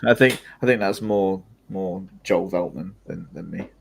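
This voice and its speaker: A man's voice: low voice, unhurried, vocal fry, slight background noise. A young man, co-hosting a live football watchalong and chatting casually, often laughing. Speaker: podcast co-host. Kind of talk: live match watchalong commentary.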